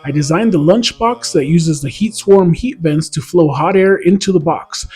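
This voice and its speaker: A man's voice: fairly high pitch, moderate pace, mellow, slightly rough. A man hosting a product review vlog, talking in an upbeat, explanatory way. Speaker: host.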